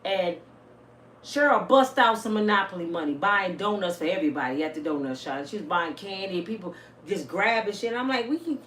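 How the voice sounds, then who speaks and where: A woman in her fifties talking casually and bluntly to her viewers, telling stories with salty, animated energy. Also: lowish voice, brisk. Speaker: vlogger. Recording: roomy, a bit distant, faint hiss.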